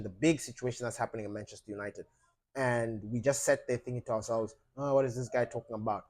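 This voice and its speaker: A man hosting a fan channel, talking passionately about his football club and addressing viewers directly, with lots of fillers and emphatic outbursts. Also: mid-range voice. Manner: impassioned, rising to loud emphatic outbursts, frequent fillers.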